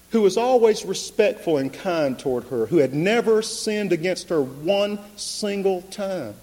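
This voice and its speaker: A man preaching an impassioned sermon, building to loud emphatic peaks. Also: a little high, animated, a little slow. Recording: long reverb of a large hall.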